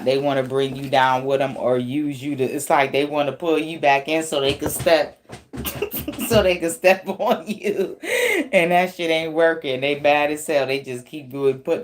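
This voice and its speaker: A woman giving a casual tarot reading, blunt and profane, laughing often as she talks. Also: rumbling low. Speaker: tarot reader.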